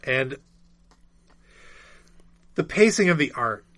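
A man co-hosting a podcast, chatting casually about comics and joking in a relaxed way, with frequent ums. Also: medium pitch, slow pace. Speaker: podcast co-host.

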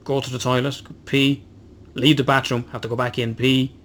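A man's voice: medium pitch, flat delivery, normal speed, a bit bright, slight background noise. A man, co-hosting a podcast and telling a long rambling story, swearing constantly and poking fun at himself. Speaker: podcast co-host. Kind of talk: casual chat.

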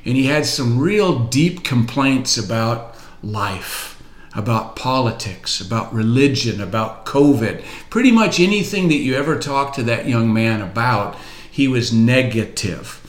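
A man's voice: mid-range voice, animated, a little slow, roomy sound. A man coaching business owners in a motivational talk, blunt and emphatic, repeating his key points.

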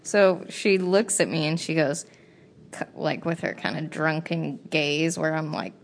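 A young woman telling travel stories on a casual podcast, acting out what people said and swearing freely. Her voice sits a little low and carries a gravelly fry. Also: a little slow. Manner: animated storytelling with quoted dialogue and swearing. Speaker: podcast co-host. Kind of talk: casual chat.

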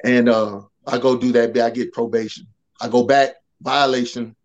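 A man who talks loud by nature, a podcast guest telling a personal testimony in casual slang and acting out the dialogue. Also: mid-range voice, moderate pace, highs cut off. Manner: loud, animated, acts out quoted dialogue.

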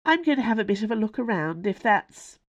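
A woman reading aloud plays a proper young lady, prim and a little quavering as she tries to sound brave. The voice rises high above the reader's own and moves in wide, lively swings. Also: a little fast, highs cut off. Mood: flustered.

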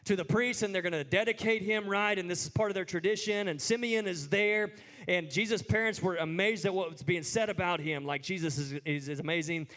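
A man preaching a sermon in a conversational way, full of "like" fillers, who climbs high and emphatic at the peaks. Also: fairly quick, fairly bright tone. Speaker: pastor.

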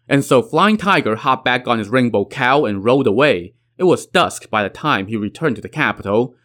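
A man's voice: mid-range voice, lively intonation, normal speed, few pauses, a bit bright. A man retelling a classic tale with wry, conversational asides. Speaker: storyteller.

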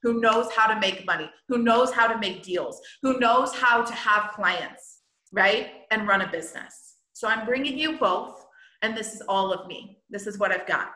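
A woman hosting a podcast as a healer business coach, talking in an excited, blunt casual monologue and swearing freely. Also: mid-range voice, moderate pace. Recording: roomy echo.

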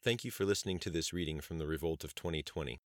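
A man reads an audiobook chapter in a steady, measured way. His voice is very low and deep. The recording is dry, with no room sound. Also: dry recording. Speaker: audiobook narrator. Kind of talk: scripted narration.

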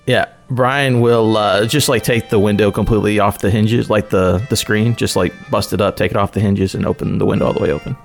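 Gravelly-voiced easygoing man. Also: fairly low pitch, steady tone, a little fast, few pauses, faint music behind. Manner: laughing, easygoing. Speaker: tabletop player. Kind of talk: casual role-play chat.

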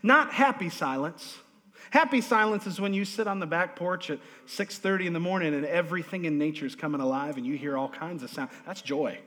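A male pastor preaching a lively, humorous sermon in a church, drawing responses from the congregation. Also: a little high, brisk. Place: church sanctuary. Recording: long hall reverb.

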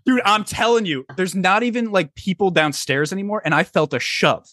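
Young adult male guest, animated storyteller, swinging pitch, dry mic. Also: brisk, dry recording. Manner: animated, acts out voices in his story. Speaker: podcast guest telling a story. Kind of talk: casual storytelling.

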